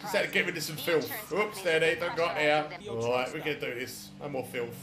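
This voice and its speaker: A middle-aged British man gives a casual let's-play commentary, swearing and laughing as he plays a video game. His slightly high voice is fairly quick with fairly even intonation, recorded in an echoey room.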